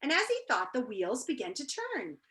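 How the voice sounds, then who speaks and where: A woman teacher reading a children's book aloud to her class on a video call, in an expressive, animated way. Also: high voice, moderate pace. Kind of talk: storybook read-aloud.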